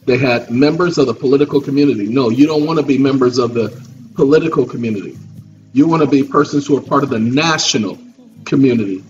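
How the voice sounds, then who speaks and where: A man's voice: mid-range voice, quick pace, darkish tone, recorded from a distance, highs cut off, faint music behind. A man delivering a preachy, repetitive monologue to viewers from his computer desk, often checking in with "okay?". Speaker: vlogger lecturing viewers.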